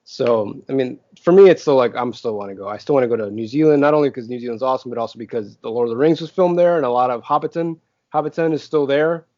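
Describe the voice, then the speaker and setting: A man talks quickly and loosely on a casual podcast. He rambles with lots of fillers and keeps an upbeat tone. The recording is dry and a little dull. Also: mid-range voice, darkish tone, no room sound. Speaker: podcast co-host.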